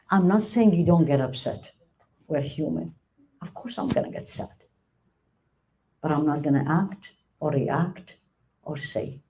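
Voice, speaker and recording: Animated woman teaching a religious class. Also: low-pitched, a little hiss or hum, low-quality recording. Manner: animated, acts out quoted speech, laughs often. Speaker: Islamic teacher. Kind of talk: religious lecture to a live class.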